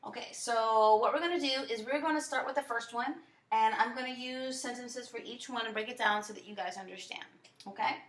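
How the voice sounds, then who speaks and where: A woman's voice: fairly high pitch, brisk, a bit bright, echoey room. A woman teaching a language lesson to a class, explaining step by step with frequent fillers and checks like "right?". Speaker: French teacher.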